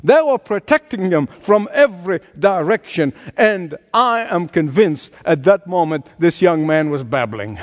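A middle-aged man preaching a sermon, telling the story with animated energy and chuckling as he goes. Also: high voice, unhurried, few pauses. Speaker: pastor.

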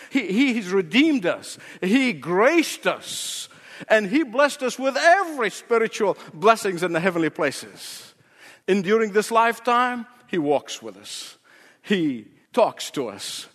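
A man's voice: high-pitched, a bit bright, long reverb tail. A male pastor preaching a sermon with an emphatic, repetitive cadence.

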